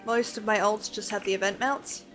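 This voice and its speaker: A woman's voice: mid-range voice, fairly even intonation, normal speed. A woman streaming a game, chatting casually and rambling with frequent laughs, over faint background music. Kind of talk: casual chat while gaming.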